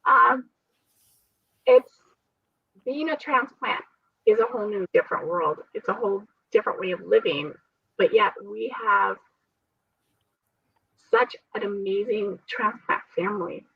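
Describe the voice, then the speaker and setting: A woman's voice: mid-range voice, lively intonation, unhurried, vocal fry, pauses often, slightly rough, no echo. A woman who survived a transplant, telling her story in an interview in an earnest, faith-filled way with frequent laughter. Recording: dull, dry sound from a distant mic.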